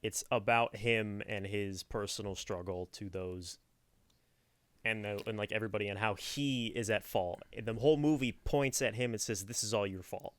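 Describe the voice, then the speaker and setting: A man's voice: lowish voice, normal speed, no echo. A young man co-hosting a podcast, talking through his opinions at length in a casual chat. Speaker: podcast co-host.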